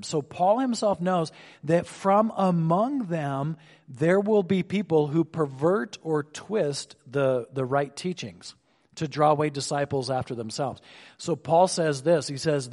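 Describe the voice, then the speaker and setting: A male pastor preaching an expository sermon, slowing down to stress points and dropping his voice on asides. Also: a little mellow. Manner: expository, slows for emphasis, drops low on asides. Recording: long hall reverb.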